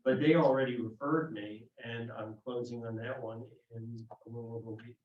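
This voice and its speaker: A man, a real estate agent, giving a slow, matter-of-fact update at a team meeting. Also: medium pitch, fairly even intonation. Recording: dull, echoey, from far off.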